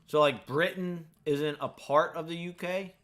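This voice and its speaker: Chatty American male streamer, rambling casual delivery, bright tone, keyboard typing in background. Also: a little high, steady tone, a little slow. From United States. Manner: rambling, chatty, full of fillers. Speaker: gaming streamer. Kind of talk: casual chat while playing a game.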